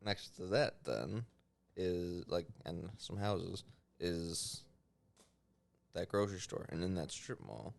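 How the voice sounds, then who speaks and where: Male co-host, New York accent, dry banter, slightly low. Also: takes it slowly, creaky. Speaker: podcast co-host. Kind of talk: casual chat.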